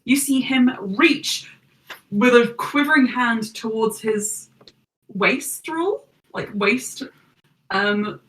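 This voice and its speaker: A woman's voice: fairly high pitch, slow pace, a bit bright, recorded from a distance, low-quality recording. A woman narrating as game master for a tabletop game, chatty and giggly.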